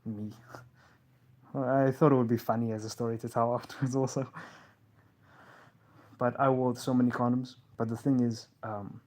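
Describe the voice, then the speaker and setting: A man's voice: medium pitch, flat delivery, normal speed, long pauses, darkish tone. Rambling casual man on a live stream. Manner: rambling, filler-heavy, calls listeners bro and man. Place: lounge, on a couch.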